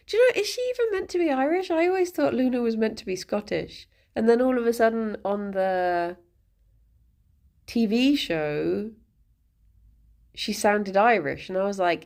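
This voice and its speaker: A woman's voice: fairly high pitch, very animated, a little slow, gravelly, long pauses, a little mellow. A woman streamer chatting casually, rambling and giggling often as she talks.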